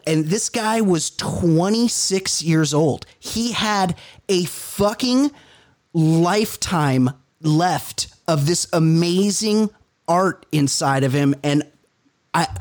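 A man's voice: fairly high pitch, a little mellow. A man hosting a casual podcast chat. He talks candidly, swears freely and speaks with open emotion. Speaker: podcast host.

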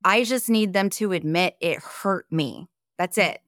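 A woman's voice: lowish voice, a little slow, fairly bright tone, dry recording, studio quality. A woman from Iowa, a podcast guest, telling her personal story in a candid, emphatic way and swearing freely.

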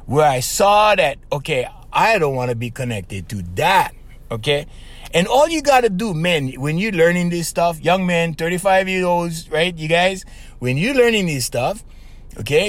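A man hosting a podcast, giving relationship advice in an emphatic, casual monologue that keeps checking in with "okay" and "right.". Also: on the high side. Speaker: podcast host.

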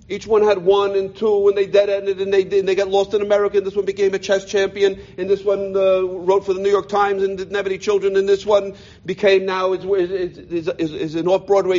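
A man's voice: high voice, darkish tone. A middle-aged man telling a personal story to a gathering, heartfelt and full of restarts, in a dull lo-fi recording. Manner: heartfelt, repeats words often while searching for them. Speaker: speaker telling his life story.

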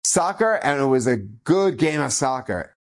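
A man's voice: medium pitch, unhurried. A man, a rabbi, telling inspirational stories in a Torah talk, acting out the quoted speech. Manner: animated, acts out quoted speech.

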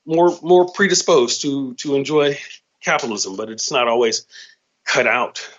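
A man's voice: medium pitch, a little slow, a bit bright, a little hiss or hum. A man talks in a loose, profane comedic monologue, riffing from one thought to the next as the host of his own show. His middling voice comes through a slightly dull, lo-fi recording.

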